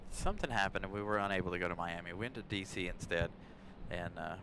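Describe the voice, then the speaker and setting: A man's voice: low-pitched, quick pace. A man hosting a casual live stream from an airport, chatting and laughing with viewers, recorded on a phone outdoors. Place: outdoors by an airport on a windy day. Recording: loud outdoor wind noise. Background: loud wind and vehicle noise.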